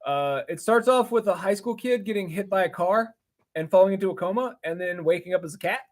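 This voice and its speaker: A man's voice: high voice, brisk. A man co-hosting a casual comics chat, enthusiastic and rambling with lots of fillers. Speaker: co-host.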